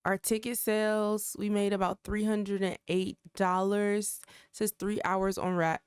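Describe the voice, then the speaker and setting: A woman's voice: medium pitch, little pitch movement, measured pace, clean tone, no room sound, studio quality. A woman hosting a life-simulation game channel, giving chatty, exclamatory let's play commentary straight to her viewers. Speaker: gaming channel host.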